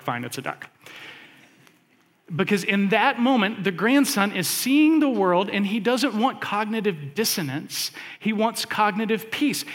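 A man preaching a sermon, speaking to his congregation conversationally, with lots of fillers and animated asides. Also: sits high, long reverb tail. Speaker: pastor.

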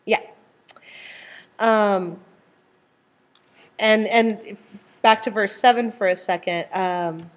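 A middle-aged woman leading a casual group Bible study, animated, full of restarts and acting out voices. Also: very slow, long pauses. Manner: animated, acts out voices with sudden high outbursts.

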